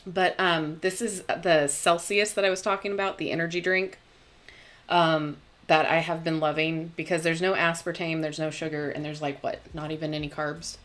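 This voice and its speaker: A young woman hosting a tarot live stream, talking casually and bubbly, laughing often and filling pauses with "um". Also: low-pitched, level tone, fairly bright tone. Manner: chatty, bubbly, laughs often, many fillers. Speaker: tarot channel host.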